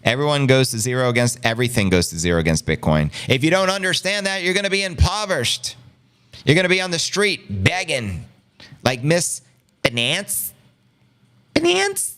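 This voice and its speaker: Man, New York area accent, live-stream host, hyped, talks to chat as family, clear resonant voice. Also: medium pitch, a little fast. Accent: New York City area. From Long Island, New York. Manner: animated, hype-filled, talks to viewers as family. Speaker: livestream host reading chat.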